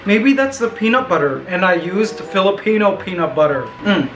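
Animated man vlogging at home. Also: moderate pace, faint music behind. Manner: animated, playful, high-pitched when excited. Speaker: vlogger host. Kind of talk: casual vlog chat. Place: apartment indoors.

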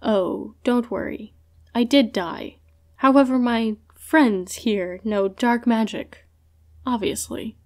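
Lady reading out a cool, taunting dark-magic guy, slow and mocking, kinda high for a man. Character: menacing young male dark-magic villain, mocking.

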